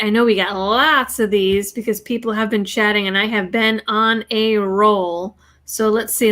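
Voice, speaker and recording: A woman's voice: fairly high pitch, pushed and bright. A woman hosting a casual livestream, chatting bluntly and rambling while reading viewer messages. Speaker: livestream host reading viewer super chats.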